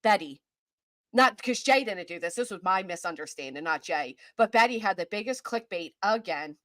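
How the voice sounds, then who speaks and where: A woman's voice: medium pitch, animated, normal speed, fairly bright tone, dry recording. Casting note: woman host with a Kentucky accent, casual livestream chatter, greets chat by name, close dry sound. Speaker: host of a live-stream chat show. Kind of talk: casual live-stream commentary.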